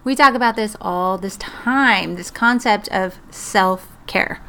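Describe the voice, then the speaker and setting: A woman's voice: mid-range voice, takes it slowly, pushed and bright, clear, resonant tone. A woman co-hosting a casual advice chat, encouraging and direct, who talks to listeners as "guys" and lays out her points step by step. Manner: lists points and steps firmly. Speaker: podcast co-host.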